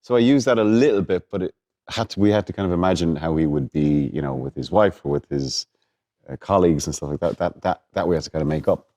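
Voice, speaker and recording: A man's voice: low voice, quick pace, mellow. A man in his forties with an Irish accent, talking casually and hesitantly with another actor, often repeating words. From Ireland. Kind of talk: casual conversation between actors.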